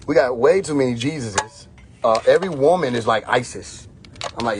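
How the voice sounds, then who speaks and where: A young man talking into his phone on a live stream, ranting in a loose, mocking way and laughing often. His pitch swings widely from line to line, with a faint hiss behind him. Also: lively intonation, normal speed. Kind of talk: casual live-stream rant.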